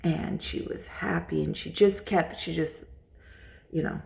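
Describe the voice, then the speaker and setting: A woman's voice: deep voice, fairly even intonation, measured pace, gravelly, darkish tone. A woman vlogger telling a personal story in a casual, rambling way, repeating herself and using lots of fillers.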